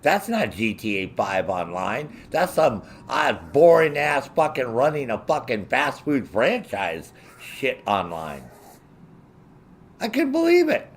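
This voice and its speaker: A man's voice: medium pitch, slow, few pauses, slight background noise. A man streaming and ranting casually to his viewers, swearing heavily and sounding indignant. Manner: profane, heavy swearing; animated, indignant.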